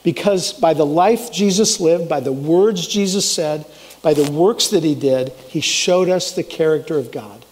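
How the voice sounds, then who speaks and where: High-voiced pastor guy preaching, earnest and emphatic, big rises on the punchlines. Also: measured pace, a little mellow, slight background noise. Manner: earnest, emphatic, swings up for exclamations. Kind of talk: sermon.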